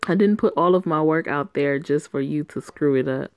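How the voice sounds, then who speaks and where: A woman's voice: sits low, moderate pace, dry recording, lightly acted. A woman voicing a stern, controlling mother of a teenage boy, giving orders in a bossy, commanding way.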